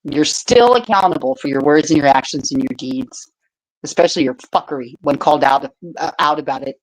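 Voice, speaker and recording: Low-voiced blunt woman chatting. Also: a little fast, low-quality recording. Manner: blunt and profane, laughs often. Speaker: podcast co-host. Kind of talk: casual chat.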